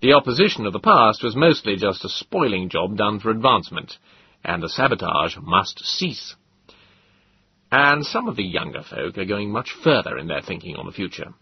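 A man voicing an earnest, persuasive middle-aged male government official in an audiobook, lecturing in a husky voice. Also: lowish voice, very animated, moderate pace, dry recording, exaggerated voice. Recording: dull lo-fi dry audiobook.

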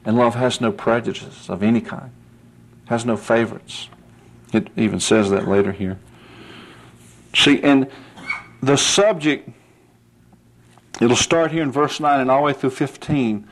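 A man's voice: medium pitch, fairly even intonation, a little slow, long pauses, a little hiss or hum. Guy preaching, earnest and folksy, keeps saying see, voice climbs when he gets going. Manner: earnest, rising to emphatic peaks; folksy, asks "see?" often. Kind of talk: sermon.

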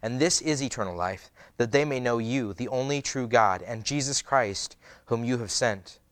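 A man preaching a sermon, reading scripture aloud and then retelling it in lively, casual words with many fillers. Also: medium pitch, moderate pace, dry recording. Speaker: pastor.

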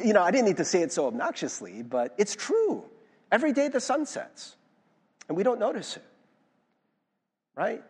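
A man's voice: high-pitched, moderate pace, pauses often, husky, big-room sound. A young man preaching a sermon as pastor, chatty and self-mocking, checking in with the listeners often. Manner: animated, chatty, self-mocking, frequent "right?".

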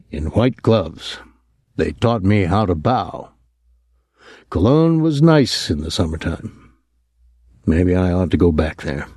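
A brooding, bitter old baker father speaks in a low, mellow register , voiced by a male reader. His talk is dry and darkly blunt. The audiobook recording is close and dry. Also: no echo, heavily acted. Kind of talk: audiobook character reading.

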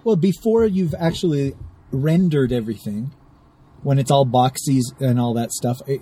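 A man co-hosting a casual podcast, joking and playful, with a husky voice. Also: medium pitch, moderate pace, mellow. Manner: jokey, playful. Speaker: podcast co-host. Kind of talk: casual chat.

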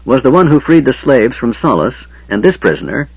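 A man's voice: medium pitch, very animated, brisk, gravelly, slightly rough, no echo, pitched above the performer's own voice, exaggerated voice. A man voicing a whining, groveling male hobgoblin underling who stammers and cringes, in an audiobook reading. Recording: dull lo-fi audio.

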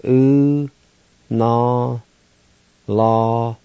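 A man's voice: medium pitch, fairly even intonation, extremely slow, smooth, no echo, lo-fi sound. A man hosting a radio language lesson, spelling each word out letter by letter and then sounding it out syllable by syllable. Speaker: radio host teaching vocabulary.

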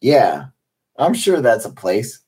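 Man, podcast co-host, drunk, giggly, husky voice, very lively pitch. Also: slow pace. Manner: giggly, laughs often. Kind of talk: casual late-night chat.

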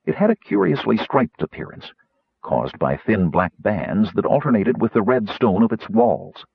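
Low, husky male narrator, expressive storytelling; dry, slightly dull recording. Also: moderate pace, no echo. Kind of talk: audiobook narration.

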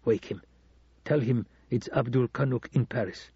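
A man voicing a deferential but scheming male embassy administrator who speaks quietly and respectfully, with sly insinuation. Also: medium pitch, normal speed, slightly rough, no room sound, highs cut off. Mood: urgent.

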